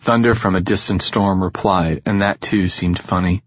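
A man narrating an audiobook in a calm, measured reading style. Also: sits low, no room sound, highs cut off. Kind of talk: scripted narration.

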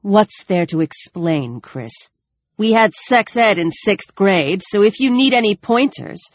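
A woman voicing a hurt, sharp-tongued young woman with a biting, sarcastic way of speaking. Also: mid-range voice, lively intonation, unhurried, no room sound. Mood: bitter.

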